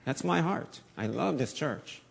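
Asian American pastor preaching conversationally. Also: male voice, on the high side, a little slow, gravelly, breathy edge. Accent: slight Southern American accent. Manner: conversational preaching with wide swings in loudness, from hushed to animated. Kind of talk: sermon.

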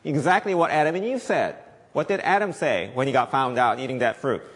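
A man's voice: medium pitch, fairly quick, a bit bright. A male pastor preaching a sermon, emphatic, repeating key points and asking the audience questions. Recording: long echoey reverb.

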